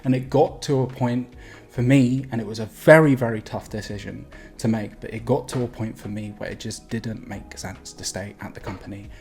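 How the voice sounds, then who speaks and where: A man talking straight to camera as a sales coach, energetic and emphatic, with quick laughs and casual swearing between phrases. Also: on the low side, faint music behind. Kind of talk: direct-to-camera vlog.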